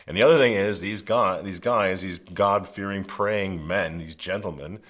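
A man's voice: sits low, normal speed, fairly bright tone. A man hosting a political commentary, speaking emphatically in a preachy way and repeating phrases for stress. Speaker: commentary host.

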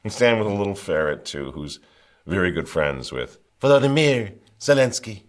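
A man's voice: low voice, very animated, moderate pace. Fiery, sarcastic male commentary host. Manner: fiery, sarcastic, mocking asides with chuckles. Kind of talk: opinionated political commentary.

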